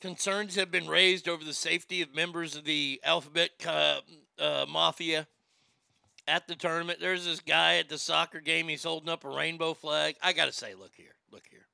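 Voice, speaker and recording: Gravelly, bright-voiced male talk host. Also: on the high side, level tone, moderate pace, no room sound, clean studio sound. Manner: laughs often, stammers and repeats words, crude joking. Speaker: radio show host. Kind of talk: comedic talk show monologue.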